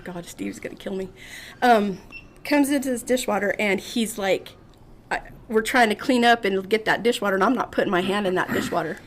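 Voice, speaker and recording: A woman's voice: medium pitch, brisk. Laughing woman telling a story. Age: 50s. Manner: animated storyteller, acts out others' lines, laughs often. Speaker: podcast guest. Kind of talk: casual storytelling.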